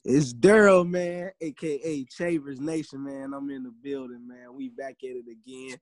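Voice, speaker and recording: A man's voice: mid-range voice, steady tone, normal speed, a little mellow. Hype, joking young man host. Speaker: podcast host. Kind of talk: casual podcast chat.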